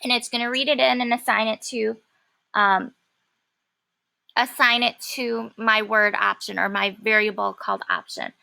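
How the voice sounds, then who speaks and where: A woman teaching a programming lesson, talking casually and thinking aloud with many pauses and fillers. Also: on the high side, fairly even intonation, creaky, bright, forceful tone. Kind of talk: classroom coding lesson.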